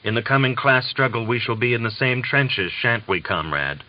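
A man's voice: mid-range voice, animated, normal speed, lightly acted. A man voicing a captured German soldier who talks in an eager, agitated rush, on a dull lo-fi audiobook recording. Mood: hushed.

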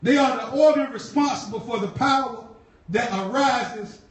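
A woman's voice: fairly high pitch, normal speed. A woman preacher delivering a sermon, telling stories in a casual, slangy way and repeating key lines with fervent bursts. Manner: fervent, repetitive, shouting bursts, laughs; conversational slang storytelling. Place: church. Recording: echoey hall from far off.

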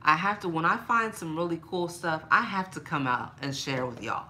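A woman talking casually and playfully to her viewers in a shopping haul vlog, laughing often and getting animated when she complains. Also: moderate pace, a little hiss or hum. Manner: playful, laughs a lot, talks straight to viewers as "girl"; animated, rises high when mock-angry. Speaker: vlogger showing a shopping haul.

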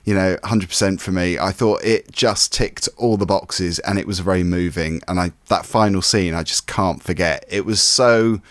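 A man co-hosting a film review show, giving earnest, measured praise in casual chat. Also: sits low, dry recording, clean studio sound.

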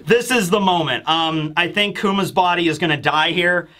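Excitable high-voiced male commentator. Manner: excitable, acting out character lines in quick bursts. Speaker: YouTube chapter reviewer. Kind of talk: casual commentary.

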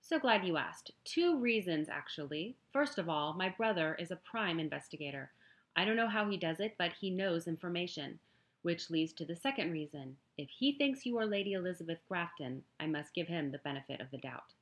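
A woman reading an audiobook, voicing a polite young gentleman who speaks in a formal, measured way. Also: on the low side, lively intonation. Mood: reasoning.

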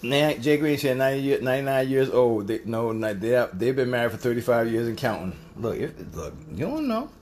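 A man's voice: medium pitch, sing-song, a little fast, hardly any pauses, a little mellow, slight background noise. A man in his fifties hosting a home cooking show, chatting casually and teasing playfully while he tastes the food.

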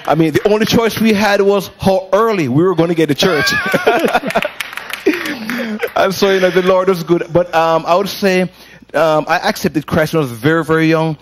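A middle-aged man with a Jamaican accent, a gospel pianist talking about his faith and ministry in a casual interview, exclamatory and quick to laugh. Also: high-pitched, animated, a little hiss or hum. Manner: warm-hearted, laughs often, exclamatory.

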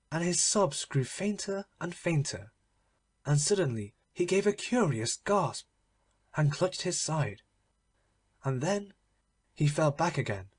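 A man reading a classic story aloud as an audiobook narrator, with expressive, dramatic delivery. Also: fairly high pitch, husky.

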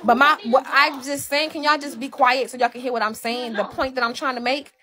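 Woman, high pitch, live-stream host airing grievances; emphatic, swears freely, repeats herself. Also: fairly even intonation, brisk, pushed and bright. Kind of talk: emotional venting to a live audience.

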